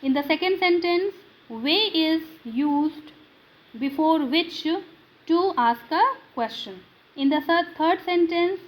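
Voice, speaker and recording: Woman grammar teacher, non-native English; high, measured delivery that asks then answers its own questions. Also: rough recording. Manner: slow, drilling questions and answers to students. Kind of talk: classroom grammar lesson.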